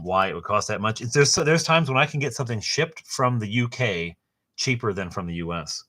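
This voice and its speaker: A middle-aged man hosting a casual book unboxing, rambling and enthusiastic, with a halting way of talking. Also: on the low side, pushed and bright. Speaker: host.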